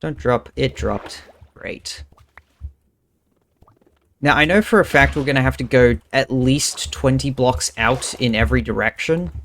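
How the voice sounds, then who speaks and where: Young male streamer, relaxed slow pace, mid-range voice, casual muttering commentary. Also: medium pitch, a little hiss or hum. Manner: thinking aloud, muttering counts under his breath.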